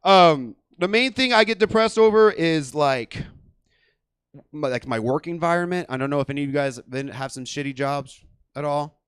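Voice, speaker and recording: A man working the room as a stand-up comedy host, loose and rambling, swearing freely. His voice sits high, and the sound is dry and close on a stage mic in a small theater. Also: normal speed, smooth, dry recording. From California.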